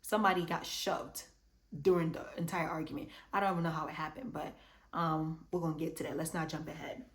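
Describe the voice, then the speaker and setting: A woman casually recapping a reality show episode, chatty and animated, acting out what the cast said. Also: low voice, fairly quick. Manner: chatty and animated, acts out quotes. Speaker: reality TV reviewer.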